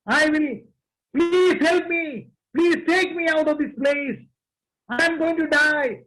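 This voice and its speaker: A man's voice: very high voice, slow, fairly bright tone, exaggerated voice, poor audio. A man preaching a sermon who voices a desperate man clinging to a branch on a cliff, begging for help in a pleading, panicky way.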